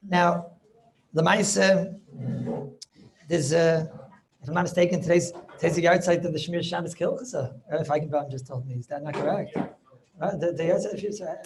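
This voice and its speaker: A man's voice: fairly high pitch, a little mellow, a little hiss or hum. A man, a rabbi, teaching an informal class over a video call, chatty and sprinkling in study-hall terms. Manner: chatty, mixes in Yiddish and Hebrew study terms.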